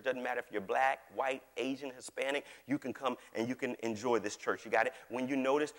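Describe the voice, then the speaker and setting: A man preaching a sermon as pastor, folksy and joking, calling on the congregation to answer back. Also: mid-range voice. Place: large church hall. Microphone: microphone on stage. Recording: long hall reverb.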